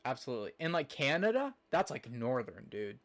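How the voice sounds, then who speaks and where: A young man talks to his stream chat in a loose, rambling way. He fills his sentences with "like" and "um" and answers viewers as he goes. His voice sits at an ordinary middle pitch. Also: sing-song, a little fast. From Nebraska, USA. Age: young adult. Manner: rambling, chatty, lots of fillers, reacts to chat. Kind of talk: casual live-stream chat.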